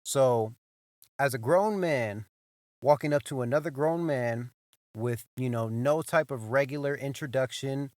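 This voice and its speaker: A young man tells a story on his podcast, loose and animated, swearing freely and tossing in "bro" as he circles back over the same points. His mid-range voice sits close and dry on the mic, with no room sound around it. He talks like he is chatting with a friend. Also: medium pitch, a little slow, no room sound. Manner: animated, profane, repeats himself, says "bro". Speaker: podcast host. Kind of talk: casual storytelling monologue.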